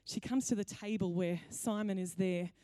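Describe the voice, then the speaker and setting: A woman's voice: medium pitch, normal speed, dark tone, no echo, clean studio sound. A woman pastor delivering a sermon in a conversational, playful storytelling way. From Australia.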